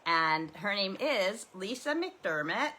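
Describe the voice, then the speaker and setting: A woman's voice: medium pitch, big pitch swings, slow pace, sharp tone, a little hiss or hum. A Canadian woman hosting a casual, rambling chat show with lots of fillers, speaking over a video call. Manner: rambling, chatty, many fillers. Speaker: host.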